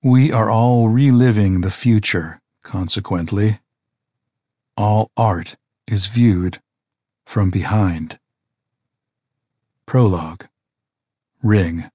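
A man narrating a nonfiction audiobook in a measured, even reading style. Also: lowish voice, husky, no echo, studio quality.

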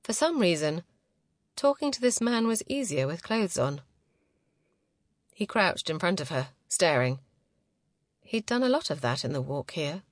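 Lower-voiced woman narrating a story. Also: sing-song, a little slow, long pauses, dry recording, clean studio sound. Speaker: audiobook narrator. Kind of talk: scripted narration.

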